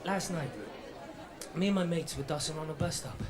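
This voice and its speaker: A man's voice: fairly high pitch, moderate pace, over a noisy crowd, lightly acted. An actor playing an edgy young male stand-up comic in his twenties with a Welsh accent, telling a swaggering routine in a radio drama. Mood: defiant. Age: 20s. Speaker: comedian performing a routine.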